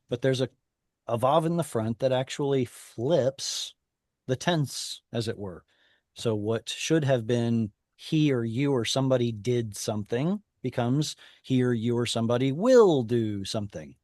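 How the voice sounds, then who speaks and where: A man of middle pitch teaches a small online class in a patient, step-by-step way. He stops to put questions to his students. His voice is dry and close, with no room sound. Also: a little mellow, no room sound. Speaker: Hebrew teacher. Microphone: video call.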